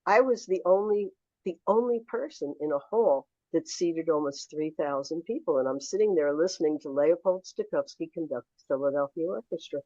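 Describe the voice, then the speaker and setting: A woman in her seventies, a memoir author telling lively anecdotes as a guest in a podcast interview. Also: low voice, normal speed, no room sound, dull audio. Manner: animated anecdotal storyteller.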